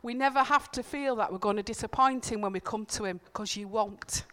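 Her voice is fairly high, brisk, pushed and bright as she gives an informal sermon in church. Earnest and conversational, she tells personal stories and repeats key points for emphasis.

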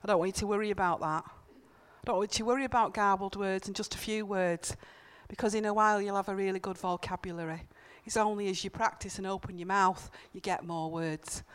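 Earnest woman preaching with a smooth voice. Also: mid-range voice. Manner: earnest, conversational, emphatic repetitions. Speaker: church speaker. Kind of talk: informal sermon with personal stories. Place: church.

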